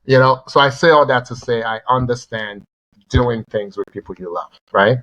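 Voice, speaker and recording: A man co-hosting a sports podcast, telling stories in a rambling, animated way and often repeating words. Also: mid-range voice, normal speed, lo-fi sound. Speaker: podcast co-host. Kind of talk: casual sports chat.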